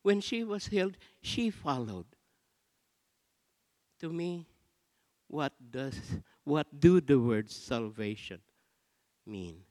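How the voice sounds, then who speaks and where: A man preaching a sermon as pastor, slow and dramatic, with big swings between soft and loud. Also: a little high, expressive. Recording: long reverb of a large hall.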